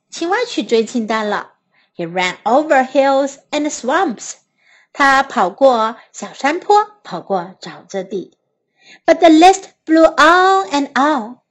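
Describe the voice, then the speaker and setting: Slow, high-voiced woman storyteller. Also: fairly bright tone. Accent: Mandarin Chinese. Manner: slow, clear and patient reading. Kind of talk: bilingual children's story reading.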